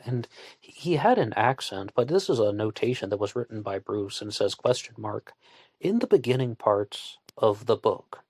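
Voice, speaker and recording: A man's voice: fairly low pitch, darkish tone, dry recording, clean studio sound. A man from Virginia, hosting a true-crime podcast in a rambling, conversational way and asking his listeners questions. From West Virginia, USA. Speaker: podcast host. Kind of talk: casual true-crime narration.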